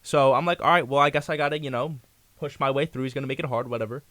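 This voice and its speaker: A young man on a talk show, telling a long personal anecdote with a loose, rambling flow. His voice sits at an ordinary middle pitch. The sound is close and dry, with no room around it. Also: fairly even intonation, fast, a bit bright, no echo. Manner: rambling anecdote full of fillers and restarts. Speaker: guest. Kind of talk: casual storytelling on a talk show.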